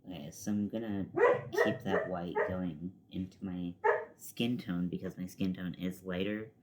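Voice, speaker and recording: At home at a desk with a laptop, a male makeup vlogger chats casually through a tutorial, rambling, poking fun at himself and occasionally muttering a swear. His voice is deep and steady at a measured pace, and the recording is very noisy.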